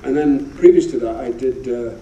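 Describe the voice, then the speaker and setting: A man's voice: medium pitch, normal speed, mellow, highs cut off, slight background noise. A Scottish man in his seventies, a guest actor telling rambling anecdotes in an on-stage interview. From Scotland. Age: 70s. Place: theatre stage before an audience. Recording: roomy, distant live theatre recording.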